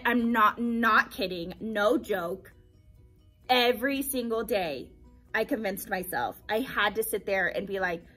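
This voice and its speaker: A young woman and teacher, telling her story casually in a vlog, animated and repeating phrases for emphasis. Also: fairly high pitch.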